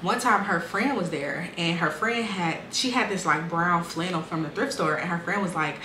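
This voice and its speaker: A woman's voice: fairly low pitch, normal speed, pushed and bright. A young woman, telling her life story casually and bluntly, swearing freely and acting out what people said. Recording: echoey room with faint ambient noise.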